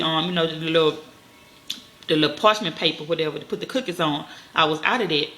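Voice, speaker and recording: A mother in her thirties telling a story to her viewers, talking fast and bluntly and swearing freely. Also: on the low side, sharp tone. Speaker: vlogger, mother. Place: at home. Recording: echoey room, faint noise.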